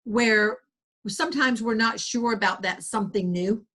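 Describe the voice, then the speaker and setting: A woman's voice: fairly high pitch, normal speed, a bit bright. A woman with a Southern US accent, a guest author talking earnestly in a rambling interview, with many restarts. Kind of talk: conversational interview.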